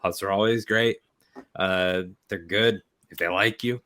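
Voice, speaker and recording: A man's voice: deep voice, steady tone, measured pace, sharp tone. A man playing a tabletop role-playing game, talking in character in a chatty, rambling way. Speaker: player.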